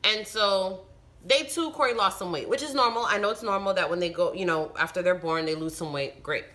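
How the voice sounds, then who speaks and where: A woman vlogger talking casually to camera, telling a personal story in an animated, emphatic way. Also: mid-range voice, fairly quick. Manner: animated, emphatic retelling with frustrated outbursts. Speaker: vlogger and new mother.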